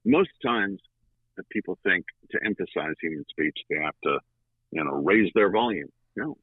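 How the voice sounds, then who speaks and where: A man guesting on an interview show, telling a story in a lively conversational way with dramatic pauses. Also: low voice, husky, no room sound. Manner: animated, with dramatic pauses and fillers. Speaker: guest, audiobook narrator. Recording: tinny phone-like line.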